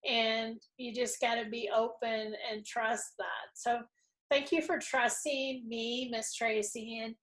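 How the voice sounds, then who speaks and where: A woman's voice: on the high side, fairly even intonation, slow, fairly bright tone. A middle-aged woman hosting a casual spiritual interview, effusive and openly emotional. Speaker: host.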